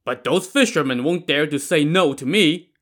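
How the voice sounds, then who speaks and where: A man voicing a hot-tempered burly male brawler, who talks loud and blunt. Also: on the high side, normal speed, pitched above the performer's own voice. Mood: brash.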